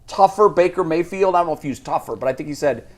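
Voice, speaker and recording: A man on a sports talk show argues his point with easy confidence. His voice sits a little high, and he often lets out a short laugh at his own remarks. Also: animated, quick pace, over a noisy crowd. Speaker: sports radio co-host.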